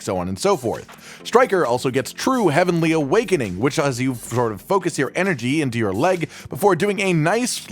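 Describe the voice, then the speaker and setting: A man narrating a game guide voice-over in a casual, jokey way, with swearing asides. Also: on the high side.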